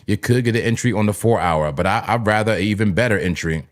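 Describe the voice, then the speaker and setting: A man's voice: on the low side, quick pace. A man from New Jersey hosting a live crypto trading stream, talking in a hyped, repetitive, chatty way to his viewers. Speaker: livestream crypto trading host. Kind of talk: casual live-stream commentary.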